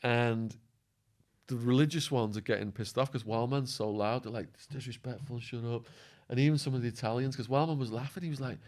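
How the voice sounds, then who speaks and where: A man telling prison stories as a podcast guest, acting out quotes and laughing, his voice going hoarse. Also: medium pitch, fairly quick. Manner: animated storyteller, acts out quotes, laughs. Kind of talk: storytelling interview.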